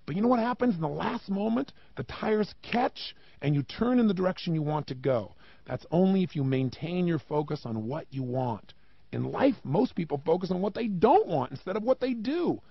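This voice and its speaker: A man giving a motivational talk, emphatic and animated, with many rhetorical questions and a gravelly voice. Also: high voice, no room sound, highs cut off. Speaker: motivational speaker.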